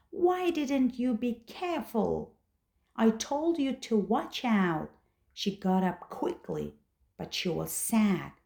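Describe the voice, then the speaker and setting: A woman slowly narrating a first-person story for English learners, with a deliberate storytelling manner. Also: mid-range voice, vocal fry, dark tone, reverberant.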